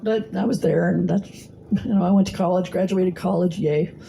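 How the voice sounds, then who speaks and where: A woman's voice: on the low side, steady tone, moderate pace, creaky, mellow, slight background noise, poor audio. A middle-aged woman telling her own recovery story at a meeting, blunt and salty, with plenty of fillers. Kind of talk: personal testimony talk. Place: meeting hall.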